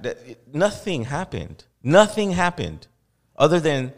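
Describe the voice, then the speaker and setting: A man's voice: fairly high pitch, very animated, measured pace. A man hosting a podcast, ranting with passion and profanity and voicing mock quotes to make his point. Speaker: podcast host. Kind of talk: heated podcast discussion. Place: podcast studio.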